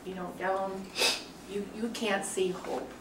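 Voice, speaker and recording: A woman's voice: medium pitch, steady tone, slow. Woman class member, hesitant, repeats herself, far from the mic, echoey room, noisy. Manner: hesitant, repeats her words. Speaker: class participant.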